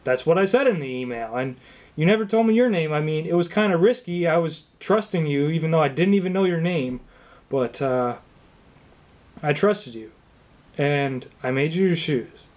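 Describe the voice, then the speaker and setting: Here a young man, his voice a little high, improvises one end of a phone conversation as a cobbler dealing with an upset client. He keeps up a normal pace, rattling off disbelieving questions with mock sympathy and a straight face.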